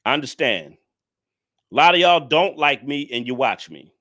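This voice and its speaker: Bright and forceful, with medium pitch and an animated delivery at normal speed, a man on a livestream berates his viewers, his commentary a preachy, repetitive rant.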